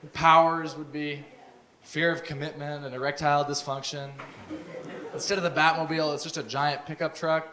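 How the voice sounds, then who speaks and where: A young man doing a deadpan stand-up set of dark one-liners. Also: a little high, moderate pace. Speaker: stand-up comedian. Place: comedy showcase stage. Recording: live with loud audience. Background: audience laughter.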